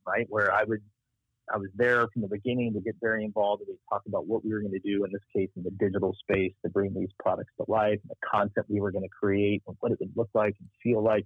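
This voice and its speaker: On a tinny, phone-like line with a dry sound, a Texan marketing strategist shares stories from his career during a casual interview. His low voice has a breathy edge and a Texas accent, and he tells his tales animatedly, performing the voices he quotes.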